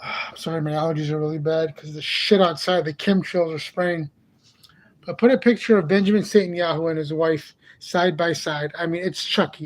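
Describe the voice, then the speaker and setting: Brief: high-pitched man hosting his channel, angry profane rant, exasperated and repetitive. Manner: heated, profane, ranting. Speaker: channel host. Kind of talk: angry monologue vlog.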